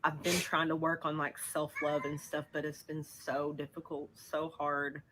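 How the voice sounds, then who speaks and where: A woman in a played vlog clip, talking haltingly and anxiously about her feelings. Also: low voice, little pitch movement, fairly bright tone. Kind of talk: personal confessional vlog.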